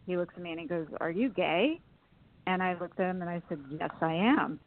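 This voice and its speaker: A woman's voice: fairly low pitch, moderate pace, slight background noise. A woman being interviewed, telling long personal stories in a chatty way and laughing often. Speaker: interview guest. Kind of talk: storytelling in a phone interview. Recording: phone-line sound.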